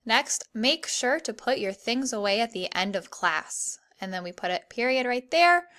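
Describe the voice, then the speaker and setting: A young woman teaching an online grammar lesson to children, clear and encouraging, reading the examples slowly. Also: a little high, expressive, fairly bright tone.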